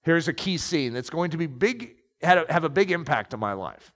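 A man's voice: on the high side, very animated, normal speed, few pauses, fairly bright tone. A man preaching and reading aloud from a book, emphatic and storytelling. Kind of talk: sermon with read-aloud passages. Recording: long echoing reverb.

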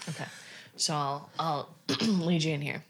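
Low-pitched wisecracking woman. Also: measured pace, a little hiss or hum. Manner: jokey, deadpan quips. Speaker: podcast co-host. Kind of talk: casual chat.

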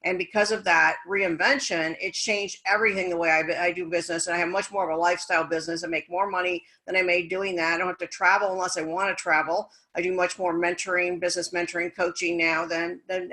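Bright, energetic woman guest. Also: lowish voice, fast, hardly any pauses, rough recording. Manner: energetic, animated, acts out quoted dialogue. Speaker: guest, speaker and business coach. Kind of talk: conversational storytelling.

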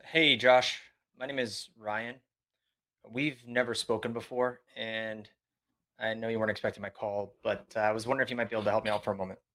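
A man role-playing a sales call with a calm, humble, inviting delivery. His voice is lowish and bright, and the words come out quickly. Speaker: sales rep.

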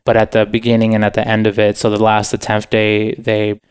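A young man speaks as a podcast guest in an earnest, unhurried way, dropping "like" and "you know" often. His voice sits a little low and smooth, and it moves within a narrow pitch range. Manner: relaxed, earnest, many "like" and "you know" fillers. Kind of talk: casual interview chat.

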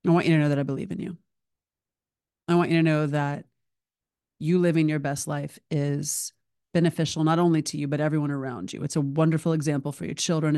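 Animated woman host, dry close mic. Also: deep voice, dry recording. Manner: animated, emotional, chatty with frequent "like". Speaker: podcast host. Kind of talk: solo podcast monologue.

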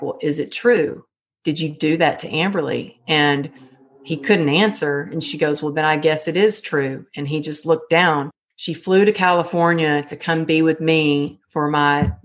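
A middle-aged woman guest telling her own story in a candid, emotional way, full of fillers. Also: sits low. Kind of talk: personal storytelling interview.

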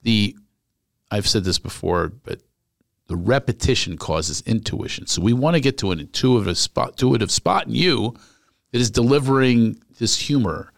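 A man, a stand-up comic, chatting casually and telling animated stories, acting out the people he quotes. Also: mid-range voice, moderate pace, vocal fry, no room sound, clean studio sound. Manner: animated storyteller, acts out quotes. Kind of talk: casual podcast chat.

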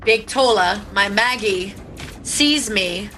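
Bright-voiced woman playing a tabletop game. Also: mid-range voice, slow, soft background music. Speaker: player.

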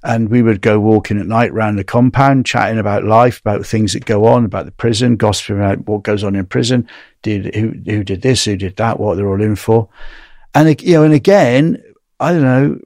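An Englishman with a medium-pitched, slightly mellow voice recounts his time in a US prison in a casual storytelling interview. He rambles through anecdotes, often tagging on "right?", and the studio sound is clean with no echo.

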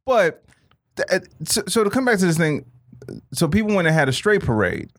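A man co-hosting a podcast in casual, profane banter, animated and mocking, swearing freely. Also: high voice, brisk. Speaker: podcast co-host.

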